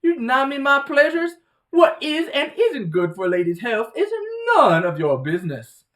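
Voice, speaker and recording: A man playing a haughty old lady dog, put-on Southern accent, grand theatrical delivery, lively swooping voice. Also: moderate pace. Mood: indignant. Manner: grand, theatrical, low and hushed. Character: elderly female dog, haughty Southern belle.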